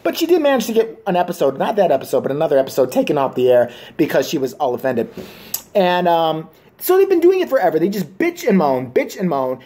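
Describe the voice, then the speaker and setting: A man in his thirties doing a profane comedic rant to camera. He is crude and sarcastic, with swearing in nearly every sentence. He jumps quickly between mockery and disbelief. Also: a little high, huge pitch swings, dark tone. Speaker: vlogger.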